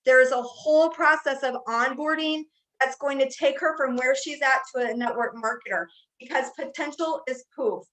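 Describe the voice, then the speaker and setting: Bright, high-voiced motivational woman speaker. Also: normal speed, rough recording. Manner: emphatic, storytelling, repeats phrases for effect. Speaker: network marketing speaker. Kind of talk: motivational talk.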